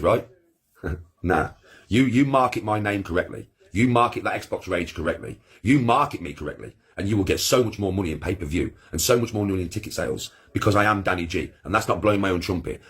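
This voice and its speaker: Brash low-voiced man. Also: husky. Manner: brash, crude, rambling and repetitive, laughing often. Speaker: YouTuber on a live stream. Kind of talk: boastful casual chat with friends.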